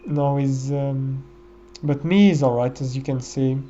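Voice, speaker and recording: Slow, mellow-voiced man musing over gameplay. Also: mid-range voice, fairly even intonation, highs cut off. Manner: reflective, musing, often says "you know". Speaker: gameplay commentator. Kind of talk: casual gameplay commentary.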